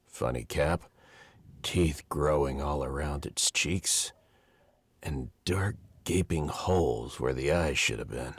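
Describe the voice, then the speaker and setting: A weary, sardonic investigator narrating a game in a very low, husky voice. His delivery is dry and wry, with lively swings in pitch, recorded close with no room sound. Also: dry recording, heavily acted.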